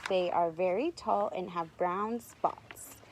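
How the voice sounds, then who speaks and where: A woman teacher reading a picture book aloud to young children, animated, stopping to ask them to guess. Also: lowish voice, slow, slight background noise, low-quality recording. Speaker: preschool teacher.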